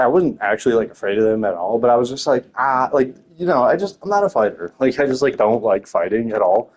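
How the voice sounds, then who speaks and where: A man's voice: medium pitch, a little mellow. A young man telling rambling stories in casual chat, laughing often, swearing and filling his talk with slang.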